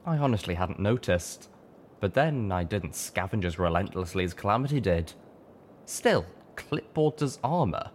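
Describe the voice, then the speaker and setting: A man's voice: low voice, normal speed. A man reading a fan-fiction audiobook aloud, narrating steadily in the first person.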